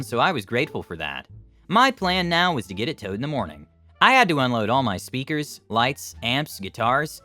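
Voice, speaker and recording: A man reading online stories aloud and then commenting on them, in a lively storytelling manner. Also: mid-range voice. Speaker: story channel narrator.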